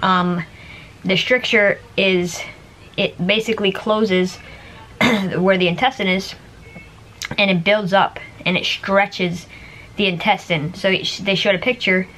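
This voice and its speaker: A woman talks straight to her viewers in a loose, rambling vlog style. Her voice sits at an ordinary middle pitch, and she peppers her sentences with fillers and small laughs. A faint hum runs underneath. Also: fairly even intonation, measured pace, pauses often, fairly bright tone. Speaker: vlogger. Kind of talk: casual chat to camera.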